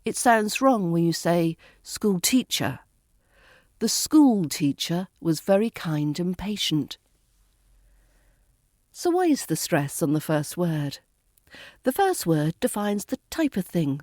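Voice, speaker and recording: Slow-speaking British woman teaching pronunciation. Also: fairly low pitch, big pitch swings, darkish tone, no echo, clean studio sound. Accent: southern British English, RP. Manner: slow, deliberate, repeats each example word. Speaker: accent coach. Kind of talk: pronunciation lesson.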